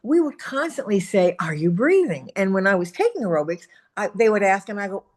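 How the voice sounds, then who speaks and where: Woman host, conversational, very lively pitch movement. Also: fairly quick. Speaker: interview host. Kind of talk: casual interview conversation.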